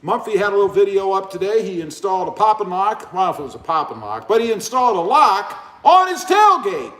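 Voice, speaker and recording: A man hosting a casual live stream, rambling and joking as he reads out comments. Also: quick pace. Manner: rambling, joking, lively pitch swings. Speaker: livestream host. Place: indoor room, 88 degrees. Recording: echoey room.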